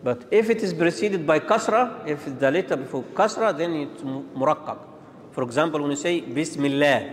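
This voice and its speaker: Guy teaching tajweed, kinda high voice, drills the sounds over and over, big echoey mosque hall. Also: slight background noise. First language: Arabic. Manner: demonstrates sounds, repeats and contrasts letters, halting. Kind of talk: Quran pronunciation lesson. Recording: long reverb of a large hall.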